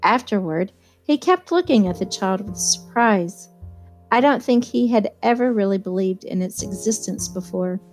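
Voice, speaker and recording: A woman narrating a classic novel in the first person, with a measured, even storytelling pace in a mid-range voice. A faint guitar plays softly underneath her reading. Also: medium pitch. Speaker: audiobook reader.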